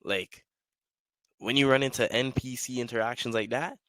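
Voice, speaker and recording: A man's voice: medium pitch, moderate pace, dry recording. A young man hosting a casual solo talk, rambling through street stories in slangy speech and acting out the voices of people he met. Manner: slangy, rambling, animated storyteller; acts out quoted voices in the stories. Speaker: podcast host.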